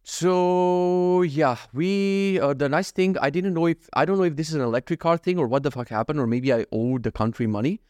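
A man's voice: a little high, quick pace, hardly any pauses, darkish tone, dry recording. A man from North Macedonia, telling a story in a casual, profane, ranting vlog monologue. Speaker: vlogger.

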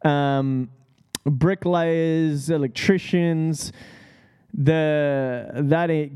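A man's voice: fairly high pitch, mellow, smooth. A young man hosting a casual solo podcast, laid-back and profane, rambling with lots of fillers. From Australia. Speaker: podcast host.

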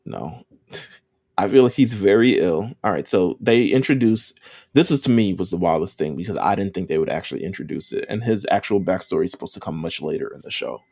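A man with a low, gravelly voice and a dark, mellow tone talks through an anime recap in loose podcast chat. He rambles, fills gaps with ums and swears casually. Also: brisk, dry recording, studio quality. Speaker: podcast co-host.

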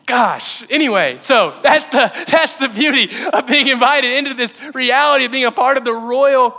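A man preaching a sermon as pastor, energetic and quick to joke in asides. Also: extremely high pitch, long reverb tail. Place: church auditorium.

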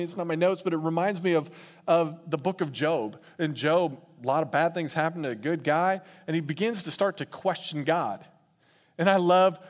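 A man preaching a sermon in an animated, laughing way, acting out quotes in playful voices. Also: on the high side. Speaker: pastor.

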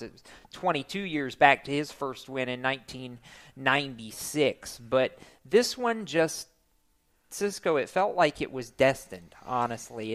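A man's voice: medium pitch, fairly bright tone. A man hosting a casual motorsports talk show, chatty and enthusiastic. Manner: enthusiastic and chatty, emphatic on key points. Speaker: podcast host.

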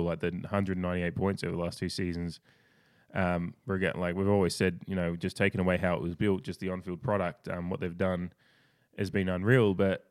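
This is a man on a casual sports podcast with a notably deep voice and a clean, resonant tone. He tells stories in an animated, rambling way, often restarting his sentences. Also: smooth. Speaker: podcast co-host.

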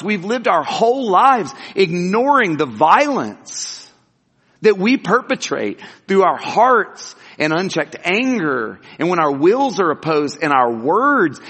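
Male pastor, sermon, lively swooping delivery, slightly high voice, long hall reverb. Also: husky. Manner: earnest, emphatic preaching with rhetorical questions.

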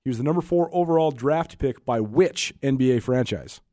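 A man co-hosting a sports radio show, explaining records and statistics quickly before posing trivia questions in a studio. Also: medium pitch, lively intonation, mellow, dry recording. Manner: quick, stat-heavy explaining.

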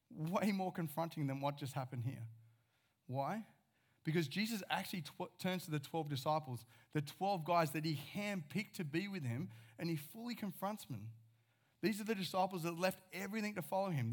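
A man, preaching a sermon as pastor and paraphrasing scripture in a conversational way. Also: a little high.

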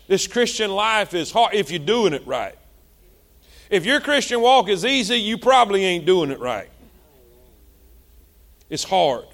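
A male pastor, preaching a sermon with passion, repeating himself and swinging between loud and soft. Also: sits high.

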